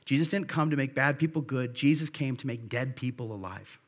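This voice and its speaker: A man's voice: mid-range voice, a little fast. A man preaching a sermon at a church service, earnest and conversational, repeating key phrases for emphasis. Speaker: pastor.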